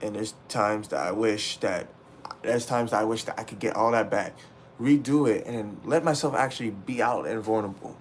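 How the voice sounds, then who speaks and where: A man's voice: on the low side, normal speed, a little hiss or hum. Frustrated young man ranting to his chat. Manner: raw, profane, repetitive venting. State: upset and frustrated. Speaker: livestreamer. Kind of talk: emotional livestream rant to chat.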